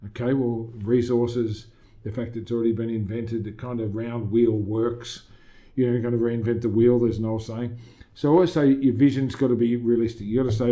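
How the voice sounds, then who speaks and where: Fairly quick and mellow, with fairly even intonation and medium pitch, this male voice belongs to a middle-aged Australian gym owner. He's a guest in a casual interview, emphatic and motivational, and often quotes himself.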